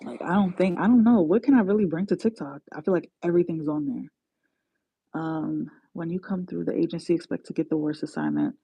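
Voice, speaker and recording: Gravelly-voiced New woman chatting. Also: fairly low pitch, brisk, dark tone, dry recording. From New York. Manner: chatty, slangy, self-mocking, laughs often. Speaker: travel nursing aide, livestream host. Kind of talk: casual livestream chat. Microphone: phone. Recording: dull lo-fi phone audio.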